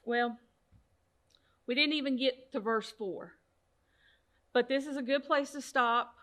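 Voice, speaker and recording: A woman's voice: sits high, a bit bright. A woman leading an online Bible study, talking in an earnest, heartfelt way, repeating phrases for emphasis and now and then stumbling and restarting her words. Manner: sometimes halting, restarts words.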